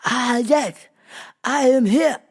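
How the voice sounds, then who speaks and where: A woman's voice: high voice, sing-song, measured pace, voice pushed up, full character voice. A woman voicing a pushy foreign woman customer who speaks broken English and keeps repeating her request. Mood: insistent. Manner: broken English, insistent, repetitive.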